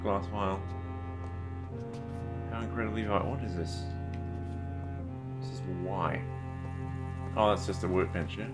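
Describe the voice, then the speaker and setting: A man's voice: lowish voice, fairly even intonation, unhurried, long pauses, over loud music. A man doing casual gameplay commentary, joking and irreverent, swearing and mocking the in-game text. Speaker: let's play host.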